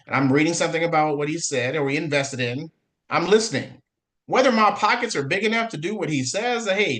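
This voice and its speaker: A man giving an emphatic motivational business pitch to an audience before handing over the stage. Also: fairly bright tone. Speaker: presenter at business meeting.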